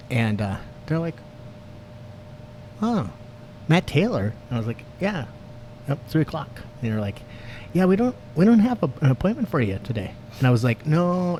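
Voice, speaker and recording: Profane, animated man telling a story. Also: mid-range voice, a little hiss or hum. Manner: animated, profane, laughs through his story. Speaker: podcast co-host. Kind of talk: casual storytelling.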